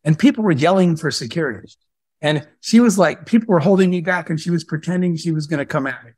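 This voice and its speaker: A man telling stories to an audience, slipping into the voices of the people in them. His voice sits a little high for a man, and the sound is dry and close. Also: fast talker, breathy edge, no room sound. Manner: animated storyteller who acts out dialogue. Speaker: guest speaker and entrepreneur. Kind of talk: storytelling in a live Q&A talk.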